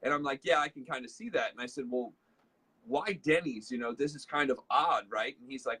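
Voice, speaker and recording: A man's voice: mid-range voice, fairly quick, bright, forceful tone, husky. A man, hosting a casual leadership talk and telling a story in a chatty way, acting out bits of dialogue. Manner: chatty storyteller, acts out dialogue, many fillers. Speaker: host.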